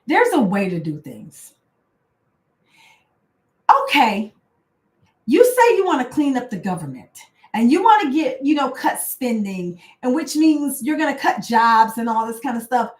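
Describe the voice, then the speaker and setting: A woman's voice: high voice, very animated, moderate pace, reverberant. A woman coach talking casually and with passion, full of fillers and rising indignation. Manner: passionate, conversational, many fillers. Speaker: coach and host. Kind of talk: casual motivational talk.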